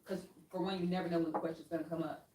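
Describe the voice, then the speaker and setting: A woman's voice: on the low side, level tone, racing, warm tone. A woman accountant on a workshop panel giving earnest, emphatic advice. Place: workshop room. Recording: roomy hall from far off.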